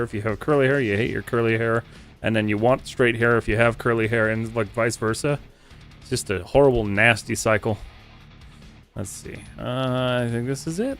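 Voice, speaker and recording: A livestreamer with a medium-pitched, creaky, slightly bright voice chats casually, rambling and joking as he reads the chat aloud. Music plays in the background of the stream.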